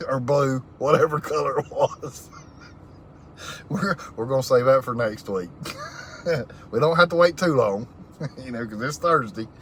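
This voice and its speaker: A man's voice: medium pitch, unhurried, long pauses, a bit bright, a little hiss or hum. A man hosting a casual live stream, reading viewer comments aloud and laughing often in a folksy way. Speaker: livestream host reading viewer chat.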